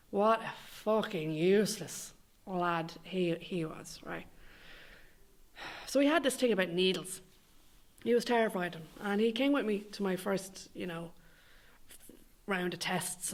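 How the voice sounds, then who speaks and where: A young Irish woman delivering a scripted comic monologue, sweary, sardonic and rambling. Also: mid-range voice. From Ireland. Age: young adult. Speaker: comedic monologue performer.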